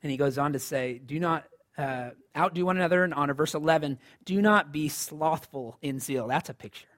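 A man's voice: a little high, brisk, fairly bright tone. A man preaching a sermon in a conversational style, rising to emphatic lines. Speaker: pastor.

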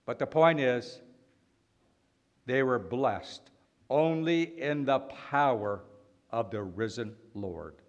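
Male preacher, mid-range voice, lively sermon delivery with rhetorical questions. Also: medium pitch, dull audio. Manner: animated, rhetorical questions, dramatic pauses.

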